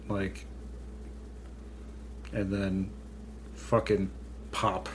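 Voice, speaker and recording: A man's voice: fairly low pitch, a little slow, slight background noise. A man co-hosting a podcast, casually recapping a horror comedy film in a blunt, laid-back way with plenty of swearing. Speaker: podcast co-host.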